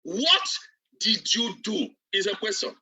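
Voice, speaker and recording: A man's voice: high voice, big pitch swings, a little slow, pushed and bright, breathy edge. A man, a business coach giving a preacher-like motivational training, repeating himself emphatically. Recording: distant, dull lo-fi recording.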